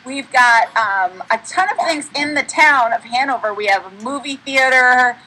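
A woman's voice: sits high, lively intonation, normal speed, bright, forceful tone, slightly rough, low-quality recording. A young woman representing a college, answering children's questions in an upbeat way and asking them questions back.

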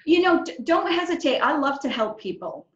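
High-voiced woman on a roomy video call. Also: expressive, a bit bright. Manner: enthusiastic, talkative, quick laughs. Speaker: guest editor. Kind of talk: casual video call chat. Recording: roomy, slightly dull video call audio.

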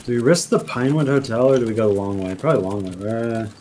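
A man with an average-pitched voice talks through game plans in a calm, practical way. Mouse clicks come through clearly on his noisy mic. He sounds like a relaxed teammate on voice chat. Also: fast. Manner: practical, calm, planning routes. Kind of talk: casual gameplay chat.

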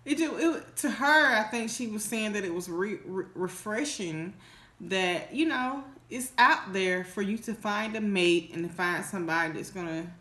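A female mukbang vlogger with a mid-range, somewhat bright voice speaks at normal speed in an echoey room. She tells a casual, rambling story, frequently restarting and filling pauses, in an emotional, earnest way.

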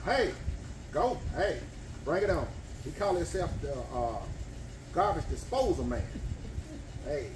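A man loudly cheering on an eating challenge in a restaurant, whooping and repeating himself. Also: on the high side, unhurried, long pauses, far from the mic, heavy background noise. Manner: excited, repetitive hollering and whooping. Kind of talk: loud cheering commentary. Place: bar and grill dining room. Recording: echoey restaurant room.

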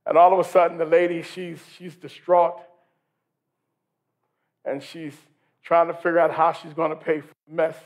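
A male pastor preaching a sermon in a church service, animated and building to shouts, asking the congregation questions. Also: fairly high pitch, normal speed, long pauses, lo-fi sound. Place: church sanctuary during a worship service.

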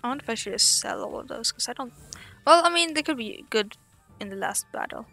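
A woman's voice: a little high, animated, brisk, sharp tone, faint music behind. A woman casually commenting as she plays a game, chatty and swearing, laughing at herself. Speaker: let's play host.

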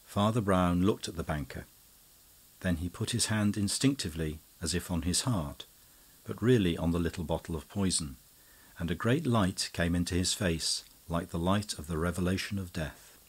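Male narrator, very low voice, husky, measured storytelling. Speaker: audiobook narrator. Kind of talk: scripted narration.

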